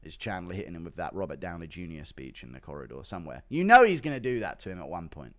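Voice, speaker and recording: A man's voice: sits low, big pitch swings, quick pace, hardly any pauses, fairly bright tone. A man casually chatting on a livestream, profane and laughing often while reacting to donations.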